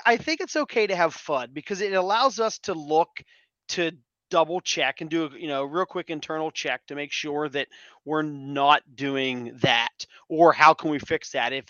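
A man in casual podcast chat, telling stories in an animated way, repeating words and swearing now and then. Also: on the high side, no echo, lo-fi sound. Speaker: podcast guest.

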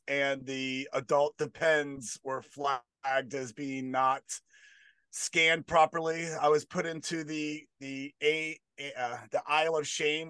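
Man, stand-up comedy bit, deadpan, rambling asides, fairly high voice, dry close sound. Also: smooth, no room sound.

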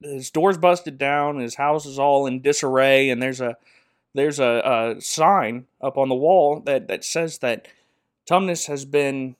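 A man's voice: medium pitch, measured pace, no echo, clean studio sound. A man recapping a movie in a sarcastic, rambling comedic style, laughing often.

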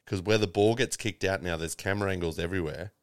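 A man's voice: deep voice, quick pace, smooth, dry recording, studio quality. A man, co-hosting a casual sports betting podcast, telling rambling stories in a laid-back way. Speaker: podcast co-host.

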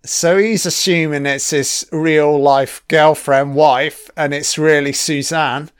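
A man's voice: on the high side, steady tone, takes it slowly, clean tone, no echo, studio quality. A man giving casual, sarcastic film commentary, swearing constantly and mocking what is on screen. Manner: sarcastic, heavily profane, mocking.

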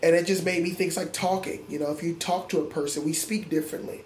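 A fast talker with a slightly high, somewhat mellow voice and fairly even intonation, this adult man is a middle school music teacher. In an interview conversation he speaks earnestly and reflectively, often restarting sentences. There is slight background noise, and the room is echoey with faint ambience.

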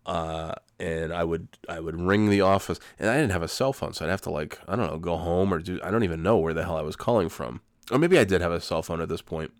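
Guy in his 40s with a cold, deep voice, rambling and swearing through a story, dry close sound. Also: fast talker, hardly any pauses, dry recording. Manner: rambling, profane, self-correcting. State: has a cold. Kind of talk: casual storytelling monologue.

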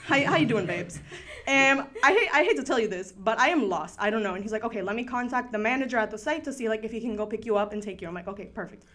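Her voice sits a little high, animated and a bit bright, and she talks at a quick pace. The young woman, a student, spins a story in a chatty way, heavy on "like" fillers with a Spanish word here and there.

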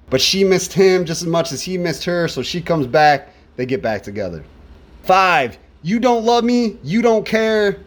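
Animated man reviewing an album. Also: on the high side. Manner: animated, repeats words for emphasis. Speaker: music reviewer. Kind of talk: casual spoken album review.

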